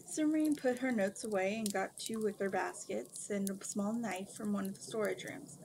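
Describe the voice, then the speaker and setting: A woman reads a novel aloud in a steady, mid-pitched voice. She trips over a word now and then and corrects herself. A noticeable hiss runs under the home recording. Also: normal speed, creaky. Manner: steady reading with small stumbles and self-corrections. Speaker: book reader.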